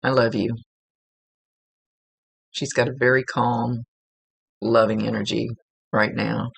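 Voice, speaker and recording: Psychic medium, woman, earnest and chatty, gravelly voice, dry close sound. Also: rumbling low, level tone, slow, no echo. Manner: earnest, chatty, repeats for emphasis. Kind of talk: spirit reading, relaying messages.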